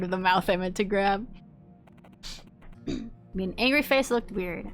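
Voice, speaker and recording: A woman's voice: medium pitch, a little slow, pauses often, faint music behind. A young adult woman streamer casually and wryly commenting on a game as she plays. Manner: wry, reacting to the game.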